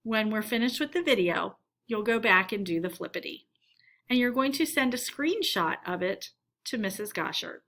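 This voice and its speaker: A woman teacher giving a recorded phonics lesson for children, reading words aloud slowly and deliberately for them to repeat. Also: a little high, animated, a bit bright.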